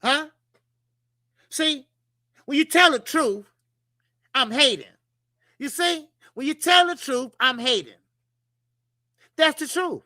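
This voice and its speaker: A man hosting a boxing show rants in a very high-pitched, pushed and bright voice, speaking slowly and pausing often. Fired-up and profane, he fires rhetorical questions straight at his viewers and repeats lines for emphasis in a heated, casual rant. The sound is clean studio audio with no room sound.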